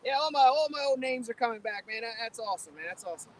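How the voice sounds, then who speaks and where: A man's voice: very high voice, lively intonation, racing. A man with a Philadelphia accent, chatting casually on a live fishing stream from his boat, laid-back and chuckling as he greets viewers by name. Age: adult, middle-aged or older. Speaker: fishing vlogger reading live chat. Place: boat on a river at dusk, outdoors.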